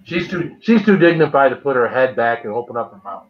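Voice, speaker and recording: Animated and fairly quick, a medium-pitched male voice greets viewers by name as he eats spicy food during a chatty, casual livestream. The sound is dull and lo-fi.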